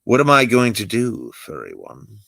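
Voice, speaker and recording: Casting: man reading a wisecracking weary Jedi hermit, low gravelly voice, swinging pitch. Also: normal speed, no echo, exaggerated voice. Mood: wry. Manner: sardonic, lively delivery. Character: dry-witted exiled male Jedi master. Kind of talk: amateur script read-through.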